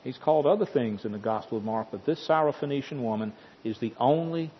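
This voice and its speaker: A man's voice: mid-range voice, fast, a little hiss or hum. A male preacher giving a sermon, retelling scripture with dramatic, emphatic storytelling. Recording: dull sound with long hall reverb.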